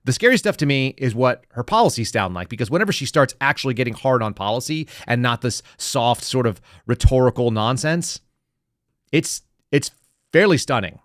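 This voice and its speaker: A man's voice: medium pitch, lively intonation, moderate pace, no room sound, studio quality. A man from the United States hosting a political commentary podcast, sarcastic and talking to his live chat. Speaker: podcast host.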